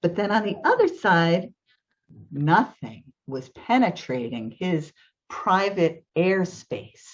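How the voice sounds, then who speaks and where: A woman with a lowish, sing-song voice takes her time telling a personal story to an audience. The tale is vivid and emotional, and her voice jumps up at the tense moments. It's captured over a video call, with slightly dull audio.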